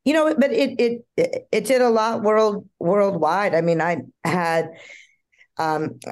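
A woman's voice: medium pitch, takes it slowly, darkish tone. An older woman recounts stories from her acting career in a chatty, rambling way. She restarts sentences often and breaks into laughter between them. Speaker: guest actress. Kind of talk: storytelling interview.

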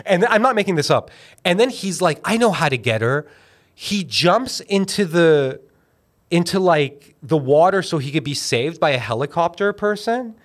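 Podcast host, young adult man, lively storyteller with a somewhat high, very expressive voice, does goofy voices. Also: normal speed. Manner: rambling, animated storytelling with silly put-on voices. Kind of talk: casual comedic podcast chat.

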